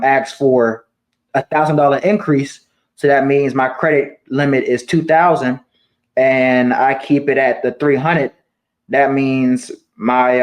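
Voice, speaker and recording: A man's voice: mid-range voice, rough recording. Guy in his 20s just chatting to camera, chill, slangy, says stuff twice. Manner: relaxed slangy talk, repeats himself. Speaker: personal finance vlogger. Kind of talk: casual talk to camera.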